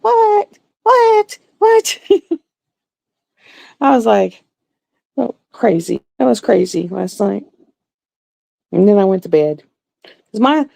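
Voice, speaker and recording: A woman chats casually with her livestream viewers, telling stories and slipping into voices for the people she quotes. Her voice has a gravelly, creaky edge. The sound is dry and close, with no room echo. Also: mid-range voice, dark tone. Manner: chatty storyteller, acts out quotes. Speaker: livestream host.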